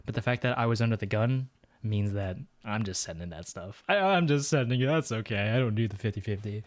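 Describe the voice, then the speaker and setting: A man's voice: lowish voice, expressive, a little fast. A man streaming a geography guessing game, thinking aloud and muttering his guesses with self-deprecating asides. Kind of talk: casual gameplay commentary.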